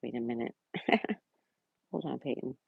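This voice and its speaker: A woman's voice: extremely low pitch, a little slow, creaky, slightly rough, no room sound, phone-quality sound. A woman hosting a casual livestream, chatting and reading out viewers' messages and greeting them by name. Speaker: livestream host. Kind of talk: casual live-chat reading.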